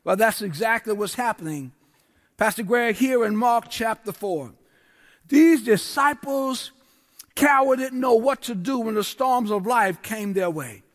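Guest preacher, male, very high voice, rhythmic repeated refrains, church reverb. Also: measured pace. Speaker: guest pastor. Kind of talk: sermon. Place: large church. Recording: long church hall reverb.

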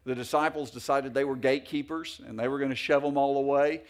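A man's voice: mid-range voice, fairly even intonation, fairly quick. A middle-aged male pastor preaching a sermon in a folksy, anecdotal way with many fillers and restarts.

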